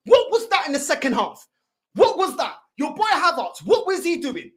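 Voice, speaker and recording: A woman hosting a fan channel, delivering a heated, exasperated reaction rant full of shouting and swearing. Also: high-pitched, sing-song, moderate pace.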